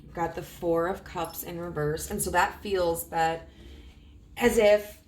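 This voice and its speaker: A woman in her thirties gives a casual tarot reading, rambling with many fillers and often clearing her throat as her voice cracks. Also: on the low side, slight background noise. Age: 30s. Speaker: tarot reader.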